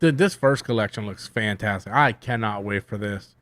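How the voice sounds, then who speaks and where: A man hosting a casual livestream, rambling loosely with lots of swearing and self-mockery, swinging between loud bursts and mumbled asides. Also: lowish voice, normal speed, no room sound. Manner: loose, profane, self-mocking, riffs and hums to himself. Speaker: YouTube host answering viewer questions.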